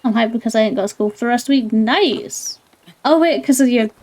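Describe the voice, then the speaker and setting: Woman, game streamer, high voice, casual playful commentary. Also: brisk, a little mellow. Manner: playful, laughs often, apologizes in mock panic.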